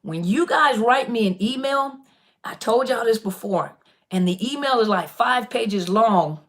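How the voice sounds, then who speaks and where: A woman's voice: a little high, measured pace. Chatty woman hosting live Q&A. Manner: chatty and animated, addresses viewers directly, repeats "listen". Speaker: online coach on narcissist abuse, live Q&A host. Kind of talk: casual live-stream Q&A.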